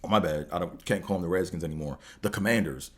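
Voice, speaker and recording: A man's voice: sits low, fast talker. A man hosting a podcast, talking casually and animatedly about sports with slang, swearing and rambling restarts. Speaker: podcast host.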